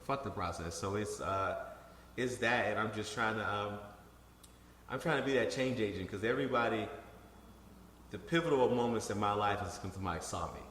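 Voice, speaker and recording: Bright-voiced man, echoey room. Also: on the low side, normal speed, slight background noise. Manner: animated, profane storytelling with many restarts. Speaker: congressional candidate. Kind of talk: casual podcast interview. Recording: echoey room with long reverb.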